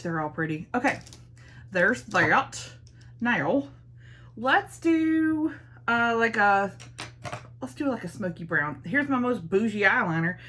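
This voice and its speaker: A woman's voice: medium pitch, a bit bright, a little hiss or hum. A young woman chatting playfully through a makeup tutorial as a beauty vlogger. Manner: playful, self-teasing, talks to viewers as y'all.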